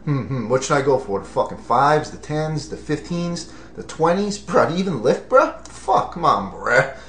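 A man's voice: a little high, big pitch swings, moderate pace, a bit bright, slight background noise. A man voicing a weary, grumbling male president at the gym, drawling and profane. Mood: pondering. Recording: roomy echo.

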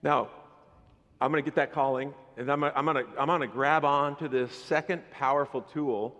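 A man preaching a sermon as pastor, animated and conversational, with playful asides to the congregation. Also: medium pitch, a little fast, long reverb tail, highs cut off. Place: church sanctuary.

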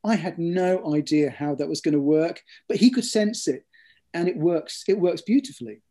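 An author speaks in a thoughtful interview with a slightly raised pitch and a mellow, soft tone. He tells his stories in a measured way and often restarts with ums and repeated words.

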